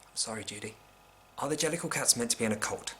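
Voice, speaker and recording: A man vlogging a casual, opinionated critique with a wry tone, often dropping into hushed asides. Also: medium pitch, fast, a little hiss or hum. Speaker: vlogger reviewing a film.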